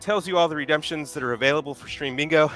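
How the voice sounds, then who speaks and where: A man's voice: fairly high pitch, fast talker, fairly bright tone, soft background music. Upbeat man hosting a live stream. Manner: upbeat, reads viewer redeems and chat aloud. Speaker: stream host. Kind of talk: casual live-stream chat.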